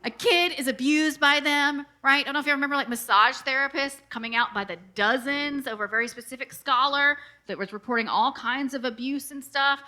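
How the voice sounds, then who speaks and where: Woman, pastor, sermon, conversational, animated, fairly high voice, bright tone. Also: fairly quick, few pauses. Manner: conversational, animated, frequent asides and "right?".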